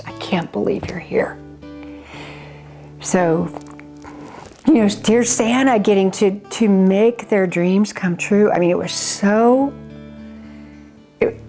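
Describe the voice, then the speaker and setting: An older woman recounts her story in an earnest, loosely rambling way, often restarting her sentences. Her voice sits at an ordinary middle pitch, and there is faint music behind her. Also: darkish tone. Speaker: charity founder. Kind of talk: personal storytelling interview.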